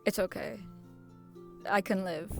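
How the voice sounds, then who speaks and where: A woman's voice: mid-range voice, unhurried, creaky, faint music behind. A young woman streamer chatting casually to her viewers, rambling with restarts, slang and laughter. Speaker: VTuber streamer.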